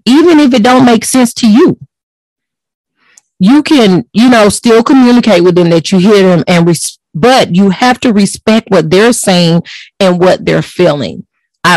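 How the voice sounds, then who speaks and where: A woman's voice: medium pitch, animated, normal speed, a little mellow, no room sound, low-quality recording. A woman talks in a casual podcast. She sounds earnest and emphatic and leans on repeated words to drive her points home. Her voice is recorded dry and close to the mic. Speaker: host.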